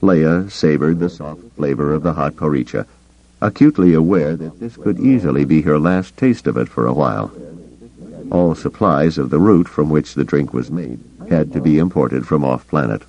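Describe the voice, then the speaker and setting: A man reading an audiobook as its narrator in measured, scripted storytelling. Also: extremely low pitch, animated, a little mellow, dull audio.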